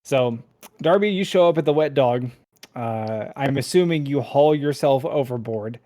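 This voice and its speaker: A man's voice: medium pitch, animated, moderate pace, warm tone. A man narrating as game master in a casual, rambling way with many fillers.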